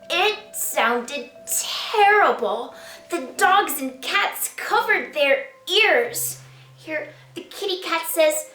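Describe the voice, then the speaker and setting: Woman storyteller for a children's read-aloud, playful and unhurried, roomy sound with faint music under her. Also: high-pitched, sharp tone, distant mic. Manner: slow, sing-song and playful, invites kids to join in. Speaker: children's author reading her picture book.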